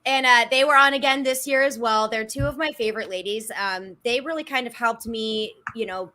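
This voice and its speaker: A woman's voice: on the high side, fairly quick, bright, forceful tone. A woman co-hosting a podcast who chats eagerly and laughs often while interviewing a guest. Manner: chatty and enthusiastic, laughs often. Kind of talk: casual podcast chat.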